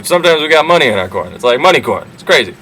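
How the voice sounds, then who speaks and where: A man voicing a smug, scheming young ruler in a comic retelling, with a flat deadpan delivery. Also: mid-range voice, very fast, slight background noise, rough recording.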